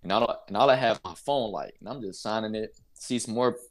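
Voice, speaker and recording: A young man from North Carolina, a basketball player, telling a story as an interview guest in a casual, animated way, laughing and acting out the people in it. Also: lowish voice, a little fast. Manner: animated, laughs while telling, acts out voices.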